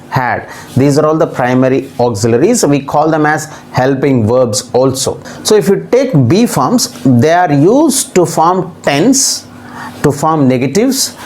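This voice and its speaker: A teacher walks through a grammar lesson at a steady, deliberate pace. Points come again and again, and examples are listed one after another. The voice sits at a middle pitch. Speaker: English teacher.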